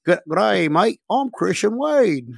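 A man voicing a cheery young male football player, putting on a slow, hammy mock Australian accent. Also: high voice, sing-song, creaky, no echo, exaggerated voice. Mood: cheeky. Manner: slow, hammy put-on drawl.

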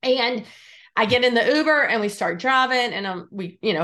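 A middle-aged woman, a guest on a faith podcast, telling stories in an animated, earnest way and laughing easily. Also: fairly high pitch, normal speed. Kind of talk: conversational storytelling.

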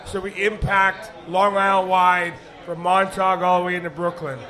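Raspy-voiced man, high and bright. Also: normal speed, a faint crowd. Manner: relaxed, rambling with fillers. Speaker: guest, former hockey player. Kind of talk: casual live interview. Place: bar event with live audience.

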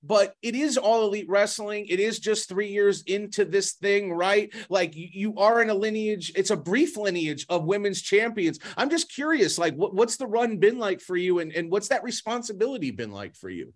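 A man's voice: high voice, expressive, moderate pace, few pauses. A man interviewing a wrestler, chatty and enthusiastic like a fan.

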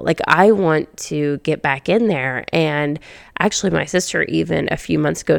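A woman's voice: sits low, vocal fry, smooth, no room sound, clean studio sound. A woman in her thirties hosting a faith podcast, chatting casually, laughing often and restarting her sentences. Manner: giggly, rambling with many restarts. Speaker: podcast host.

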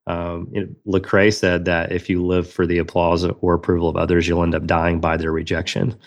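Deep-voiced man telling his story. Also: monotone, brisk. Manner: earnest, reflective, with frequent restarts. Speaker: guest, magician and speaker. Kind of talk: storytelling in a podcast interview.

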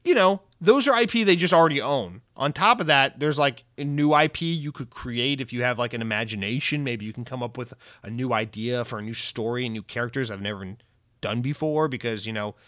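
Excitable, swearing young man ranting about games. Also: mid-range voice, a little fast, no room sound, clean studio sound. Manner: profane, rambling, excitable. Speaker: gaming commentator. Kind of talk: casual rant.

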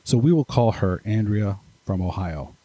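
A man's voice: lowish voice, lively intonation, normal speed, warm tone, slightly rough, poor audio. A man hosting a podcast, chatting casually and reading out listener emails with chatty, self-deprecating asides. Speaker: podcast host.

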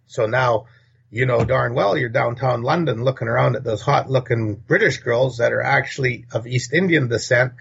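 A man's voice: medium pitch, gravelly, fairly bright tone, husky. A man from North America, a podcast guest, talking in a blunt, rambling, opinionated way. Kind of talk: casual opinionated talk. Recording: dull lo-fi recording.

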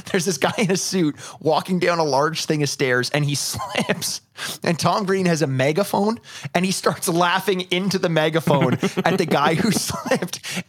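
A man's voice: on the high side, no echo, clean studio sound. A man co-hosting a podcast, rambling through stories with frequent restarts and laughter. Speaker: podcast co-host. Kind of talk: casual chat.

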